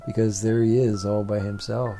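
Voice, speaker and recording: A man's voice: fairly low pitch, flat delivery, moderate pace, dark tone, soft background music. A man telling a family story aloud in a plain, repetitive storytelling way. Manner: repetitive, building phrases. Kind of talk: oral storytelling.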